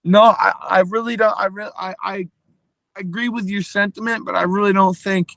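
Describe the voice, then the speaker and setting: A man's voice: sits high, fairly even intonation, moderate pace, gravelly, fairly bright tone, no echo. A man co-hosting a boxing podcast, talking through a fight plan in casual chat with many restarts. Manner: analytical, hesitant restarts. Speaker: podcast co-host.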